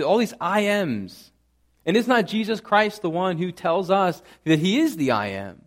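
A pastor preaching a sermon with earnest conviction, repeating phrases and building to emphatic passages. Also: male voice, fairly high pitch, sing-song, moderate pace.

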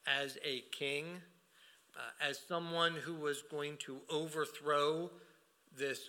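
A man preaching a sermon with a strikingly bright, ringing tone that sits a little above the usual male range. He talks earnestly, often trailing into "uh" and restarting a phrase before pushing on. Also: a little high. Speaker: pastor.

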